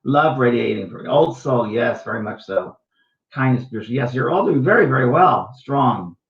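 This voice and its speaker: Brief: middle-aged male medium host on a live stream, chatty and affirming, mid-pitched, in a roomy echo and set back from the mic. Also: lively intonation, moderate pace. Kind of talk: live stream reading comments. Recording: echoey, distant, dull sound.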